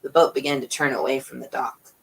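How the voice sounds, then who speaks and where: A woman reading a novel aloud at an unhurried pace, lifting her voice for the characters. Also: rumbling low, steady tone, creaky, fairly bright tone, slightly rough, rough recording. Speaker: audiobook reader.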